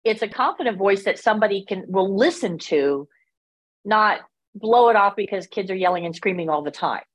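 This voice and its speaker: A woman with a mid-pitched voice helps teach the session. She sets out clear rules in a firm, practical tone. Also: animated, moderate pace, rough recording. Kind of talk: instructional talk.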